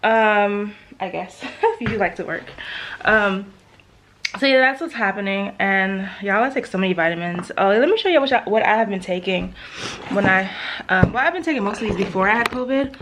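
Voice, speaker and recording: A woman's voice: medium pitch, expressive, normal speed, fairly bright tone, a little hiss or hum. A young woman vlogging in a casual chat to camera, a little out of breath, with lots of fillers and asides. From Jamaican family.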